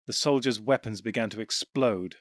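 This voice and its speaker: A man narrating an audiobook in an even, steady storytelling voice on a close mic. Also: lowish voice, normal speed, no echo.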